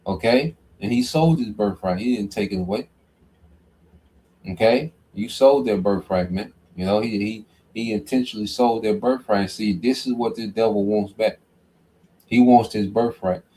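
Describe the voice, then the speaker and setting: A man's voice: lowish voice, normal speed, warm tone. A man giving informal scripture teaching, talking conversationally and often checking in with "okay?" and "man". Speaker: Bible teacher.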